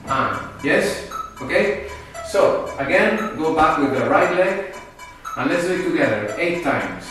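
A man's voice: fairly high pitch, expressive, a little slow. A man teaching a tango class, counting beats aloud and checking in with his students. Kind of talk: dance class instruction. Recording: echoey room from a distance with music. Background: metronome and faint music.

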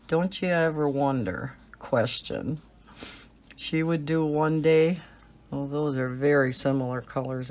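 Slow, low-voiced chatty woman with a cold. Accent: slight Southern twang. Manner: chatty, giggly storytelling. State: has a cold. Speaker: coloring channel host. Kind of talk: casual chat while coloring.

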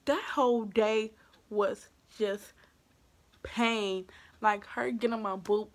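A young woman vlogger telling a casual storytime, animated, acting out quoted asides and dropping to hushed whispers at times. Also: mid-range voice, drawn-out words, pauses often, a little hiss or hum.

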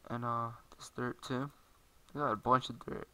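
Man, casual gameplay commentary, rambling, flat monotone delivery, gravelly fry, bright edge. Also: mid-range voice, normal speed, poor audio. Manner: rambling, self-correcting, talks while playing. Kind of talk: casual let's-play commentary.

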